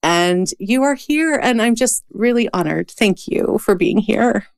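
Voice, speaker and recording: A woman's voice: mid-range voice, lively intonation, a little slow, vocal fry, dry recording, studio quality. A woman hosting a podcast and interviewing a guest, openly emotional and gushing. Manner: emotional, gushing, laughs often. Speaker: podcast host and coach.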